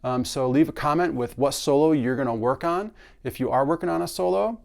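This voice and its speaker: A man teaching snare drum phrasing in a relaxed, conversational way, singing drum patterns aloud as he explains. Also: on the high side, brisk, creaky. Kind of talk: casual instructional explanation.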